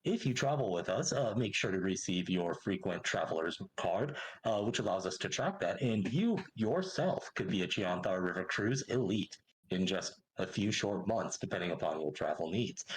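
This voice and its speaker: A man's voice: lively intonation, normal speed, slight background noise, poor audio. A man doing a pompous riverboat captain. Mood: formal. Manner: formal sales-pitch announcements. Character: pompous male riverboat captain, cruise announcer.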